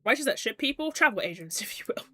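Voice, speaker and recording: A woman's voice: fairly high pitch, very animated, fast talker, bright, forceful tone. A woman streamer reading game text aloud and chatting with viewers in a rambling way, with lots of "like". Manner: chatty, peppered with "like", giggly asides.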